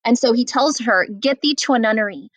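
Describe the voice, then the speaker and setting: A woman's voice: fairly high pitch, fairly quick, no echo. A woman teacher guiding students through a play in a casual, explanatory way, with frequent "um" and "like". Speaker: English teacher. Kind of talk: guided reading lesson.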